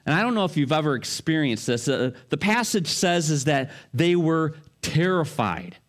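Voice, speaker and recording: A man's voice: fairly high pitch, very animated, normal speed. A middle-aged male pastor giving a sermon in a conversational way, full of rhetorical questions and family stories.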